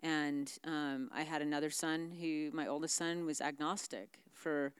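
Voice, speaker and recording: A woman's voice: low voice, fairly even intonation, unhurried, clean tone, dry recording. A middle-aged woman speaking frankly and candidly about her family as a guest in a conversation. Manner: frank, confessional.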